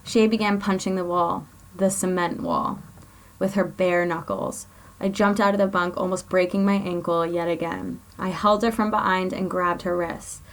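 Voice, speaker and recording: A woman's voice: lowish voice, steady tone, moderate pace. A woman blogger reading her own personal story aloud in an earnest, confessional way.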